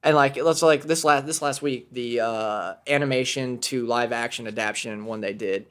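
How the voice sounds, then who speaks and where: A man hosting a podcast in casual chat, telling stories excitedly, laughing and swearing as he goes. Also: medium pitch, normal speed. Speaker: podcast host.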